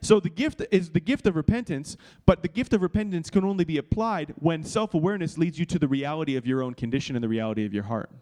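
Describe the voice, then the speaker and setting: Male pastor, slightly high voice, earnest and confessional, checks in with his listeners often. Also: lively intonation, fast, few pauses, a little mellow. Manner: earnest, confessional, with many restarts and checks like "okay?". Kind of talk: sermon-style teaching with personal story.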